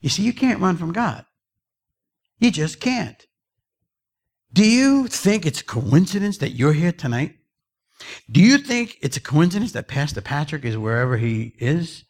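A man preaching an evangelistic sermon, emphatic and repetitive, telling stories. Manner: emphatic, repetitive, dramatic shifts of pitch.

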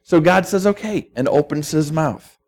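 Higher-voiced man preaching a folksy sermon. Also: animated, moderate pace. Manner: folksy storytelling with emphatic repetitions. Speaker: pastor.

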